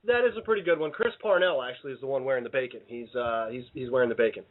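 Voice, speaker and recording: A man's voice: medium pitch, very fast. Rambling radio host man, tinny sound. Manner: rambling, self-interrupting, playful. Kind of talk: casual radio chat. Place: radio studio.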